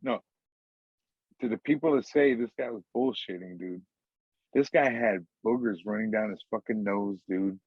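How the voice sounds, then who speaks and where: A man's voice: lowish voice, normal speed, husky, no echo, narrow, tinny audio. Profane, rambling man co-host. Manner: profane, rambling, says "dude" constantly. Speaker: podcast co-host. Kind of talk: casual chat.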